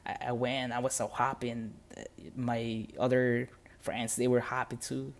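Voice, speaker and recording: A man's voice: medium pitch, level tone, moderate pace. A man telling a motivational story on a podcast in earnest, plain-spoken English with non-native grammar.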